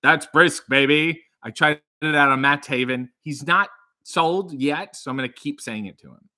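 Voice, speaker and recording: Upbeat male streamer, slightly raised pitch, reacting to chat with playful energy. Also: moderate pace. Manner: animated, jokey, reads comments aloud in a bright upbeat voice. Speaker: streamer reading live chat. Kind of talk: casual live-stream chat.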